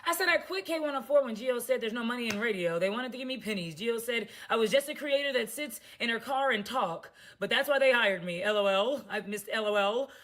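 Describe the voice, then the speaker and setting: A woman with a high voice vents defiantly in a casual monologue. She is sharp-tongued and laughs often between her jabs. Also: lively intonation, brisk, few pauses. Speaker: content creator in clip.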